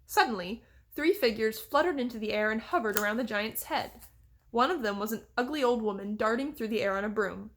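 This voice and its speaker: A woman reads a children's fantasy chapter aloud, keeping her narration steady and even. Her voice sits a bit higher than most women's, and she moves through the action at a plain, unhurried pace. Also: a little hiss or hum. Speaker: reader. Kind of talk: audiobook reading.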